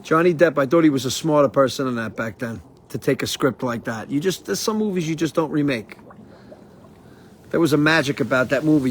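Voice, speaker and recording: Guy on a porch livestream, kinda stoned, rambling and cursing, slightly high voice, little bit of noise around. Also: a little fast, rough recording. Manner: rambling, profane, animated storytelling. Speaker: live-stream host. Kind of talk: casual live-stream chat. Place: outdoors on a porch.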